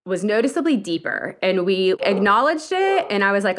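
A woman's voice: mid-range voice, a little fast, few pauses. A young adult woman from Pennsylvania, calling in to tell a personal story in a casual, vivid way. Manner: vivid, lively retelling with quoted inner thoughts. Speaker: caller telling a story.

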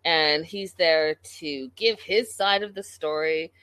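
A woman's voice: low voice, slow pace, a bit bright, no room sound. A woman giving a casual commentary recap of a reality show in an exasperated, incredulous way, talking straight to the people on the show.

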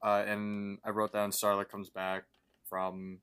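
A man's voice: lowish voice, monotone, slow, fairly bright tone, clean tone. A man co-hosting a podcast, recapping casually in a jokey, loose way. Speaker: podcast co-host.

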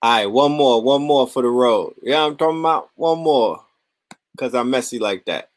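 A man's voice: mid-range voice, normal speed. A man hosting a show, commenting in a casual, teasing way.

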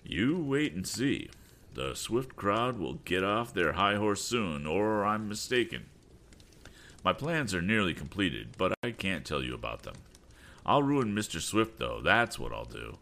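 A man reading aloud voices a vengeful middle-aged father who gloats slowly over his plans. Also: sits low, wildly swooping pitch, creaky, pushed and bright, full character voice. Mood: scheming. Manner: gloating, slow and deliberate.

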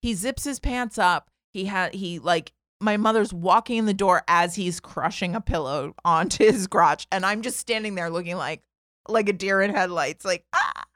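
A medium-pitched voice at normal speed belongs to a woman in her forties guesting on a podcast. She casually and animatedly shares a humorous personal story, full of "like" and other fillers, voicing each character. The audio is dry and clean, studio grade.

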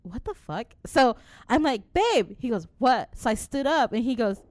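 A woman's voice: on the high side, very animated, normal speed, a little mellow, no echo. A woman in her late twenties telling a story in casual chat, acting out quotes, swearing freely and laughing often.

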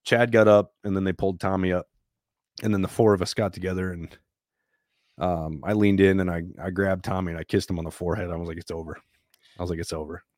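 A man telling a story in a casual, plain-spoken and animated way, sometimes swearing. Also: deep voice, fast talker, dry recording, clean studio sound.

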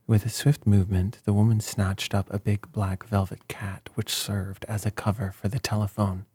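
A man narrating a story in the first person with a measured, deliberate reading. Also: fairly low pitch, flat delivery, dark tone, slightly rough, no room sound. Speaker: audiobook narrator.

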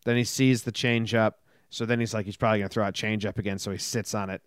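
A man co-hosting a casual sports talk show, giving blunt, quick recaps with a lot of swearing. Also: on the low side, fairly even intonation, clear, resonant tone, no room sound, studio quality. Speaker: podcast co-host.

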